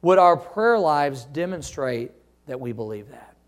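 A man preaching a sermon as a pastor, reading scripture aloud and asking the congregation to answer back, often dropping to soft, slow phrases. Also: on the high side, very animated. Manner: preaching with call-and-response questions to the congregation.

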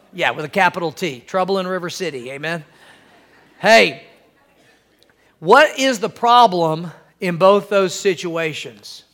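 High-pitched preaching man. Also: fairly bright tone. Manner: preacherly, calls for amens, acts out quoted wives in a high voice. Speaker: pastor. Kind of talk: sermon.

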